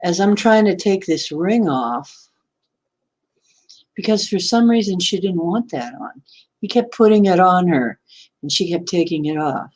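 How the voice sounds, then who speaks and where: Low-voiced woman host, unhurried rambling story, breathy and laughs a lot. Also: lively intonation, darkish tone, slight background noise. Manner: rambling, self-correcting, laughs often. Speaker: channel host. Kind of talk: casual storytelling to camera.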